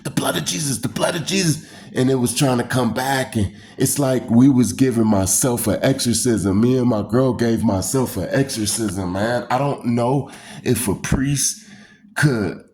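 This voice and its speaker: A man casually telling a personal story in loose, repetitive phrasing, acting out the screams and voices in it. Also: mid-range voice. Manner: animated, acts out screams and quoted voices. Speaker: storyteller recounting a personal experience.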